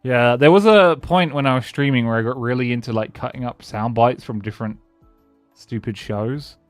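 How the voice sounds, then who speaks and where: A man's voice: medium pitch, normal speed, dry recording, soft background music. A man streaming a game live, rambling casually and answering his chat as he plays. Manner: rambling, chatty, answers chat and thanks followers.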